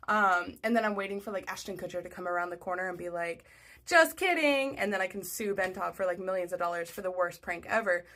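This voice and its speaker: A woman's voice: lowish voice, flat delivery, quick pace, hardly any pauses, a bit bright. A young adult woman telling a story in a chatty, casual way, full of "like" and acting out what people said. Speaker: storyteller on social video.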